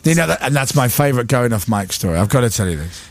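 A man's voice: mid-range voice, expressive, fast talker, no room sound, faint music behind. A man with a Leeds accent hosting a radio show, telling stories and mimicking crowds and presenters. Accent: Northern English, Leeds. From Leeds, England. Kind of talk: casual radio chat.

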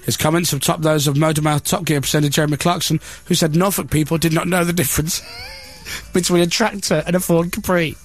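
A man's voice: on the high side, steady tone, a little fast, faint music behind. A man hosting a radio breakfast show, chatting and reading a newspaper story aloud with sarcastic, mocking asides. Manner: sarcastic, mocking, self-deprecating. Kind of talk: casual on-air banter, reading a newspaper aloud. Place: radio studio. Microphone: studio microphone.

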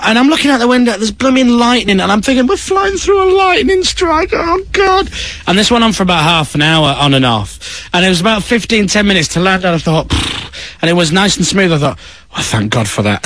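Radio guy telling a funny flight story, high voice, bouncy and lively, dry sound. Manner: animated, acts out voices of others. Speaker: radio presenter.

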